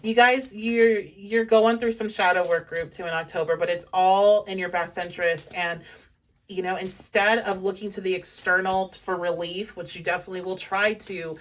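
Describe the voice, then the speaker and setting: A woman's voice: medium pitch, steady tone, moderate pace, far from the mic. A young woman giving a pick-a-card tarot reading in a chatty, encouraging, rambling way, full of fillers. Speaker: tarot reader.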